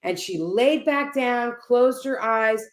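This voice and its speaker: A woman telling a personal story as a guest on a video call, animated and often checking in with "right?". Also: fairly high pitch, takes it slowly. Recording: roomy echo.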